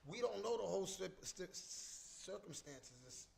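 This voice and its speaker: A man hosting a casual solo podcast, talking in an animated way with lots of stammered restarts and trash talk. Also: high-pitched, a little slow, vocal fry, a little hiss or hum. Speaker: podcast host. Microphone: streaming mic.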